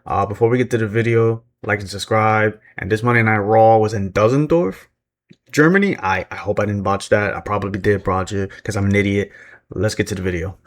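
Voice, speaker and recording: A man's voice: fairly low pitch, fairly even intonation, brisk. A man casually recapping a wrestling show, rambling with lots of fillers, chuckling and joking about himself. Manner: rambling, self-deprecating, many fillers and chuckles.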